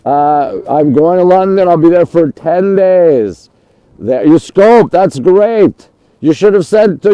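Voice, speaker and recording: Chatty high-voiced New man livestreaming. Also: expressive, slow pace, mellow, smooth, no room sound, highs cut off. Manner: chatty, greets viewers and reads comments. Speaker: livestream host. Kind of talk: live-streamed city tour chat.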